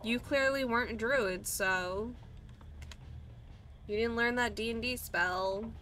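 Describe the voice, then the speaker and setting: A sharp-tongued talking plant, played by a woman reading a game aloud, scoffing at humans in a higher, unhurried voice. The recording carries a steady noise floor. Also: distant mic, poor audio. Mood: scornful. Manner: sarcastic, scornful.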